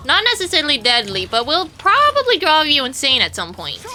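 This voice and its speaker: A woman's voice: sits high, wildly swooping pitch, brisk, hardly any pauses, sharp tone, slight background noise. A woman streamer giving casual gameplay commentary, rambling playfully to her viewers and swearing now and then.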